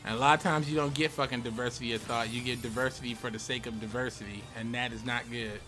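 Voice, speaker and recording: A man's voice: medium pitch, steady tone, fast, bright, forceful tone, soft background music. A man streaming a card game, talking loosely and profanely while laughing often. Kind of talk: casual live-stream chat.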